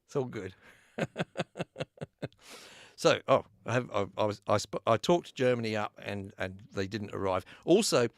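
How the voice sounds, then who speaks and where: A man's voice: fairly low pitch, lively intonation, normal speed, few pauses, no echo, clean studio sound. An Australian man hosting a live giveaway stream, chatting casually, laughing often and reading out names from the chat. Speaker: YouTube host running a live giveaway.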